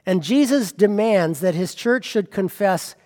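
A man's voice: sits high, lively intonation, measured pace, darkish tone, in a large hall. A man preaching a sermon as pastor, pressing with rhetorical questions.

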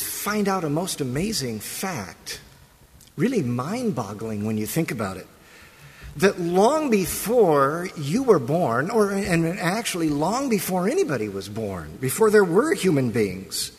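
A man preaching a sermon as pastor, moving from liturgical prayer and scripture reading into a conversational talk. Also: a little high. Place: church sanctuary. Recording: long reverb of a large hall.

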